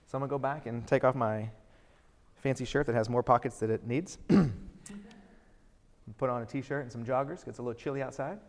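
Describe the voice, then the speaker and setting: A middle-aged man delivers a motivational keynote at a rapid clip, pressing the crowd with question after question. His voice carries a long hall reverb from a live event stage. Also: medium pitch. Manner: energetic, asks the audience rhetorical questions. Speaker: keynote speaker.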